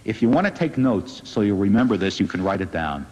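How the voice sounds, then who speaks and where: A man, a rabbi, giving an inspirational public talk in an earnest, gently wry storytelling manner. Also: on the low side, sing-song, a little fast, breathy edge. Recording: dull lo-fi recording in a reverberant hall.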